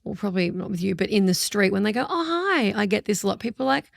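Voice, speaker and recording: Gravelly-voiced Australian woman comedian. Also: mid-range voice, rapid-fire, no room sound, studio quality. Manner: animated storyteller, laughs often, swears freely. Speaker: comedian guest. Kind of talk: casual chat.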